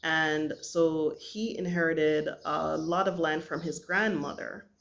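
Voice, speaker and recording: A middle-aged woman from Jamaica telling a personal family story in an earnest, halting way with many pauses. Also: sits low, steady tone, fairly bright tone. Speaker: vlogger.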